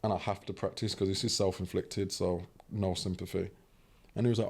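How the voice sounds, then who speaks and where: A man's voice: sits low, fairly quick. A young British man telling a personal story casually and animatedly, often asking "do you know what I mean". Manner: animated, acts out quoted voices. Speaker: podcast guest.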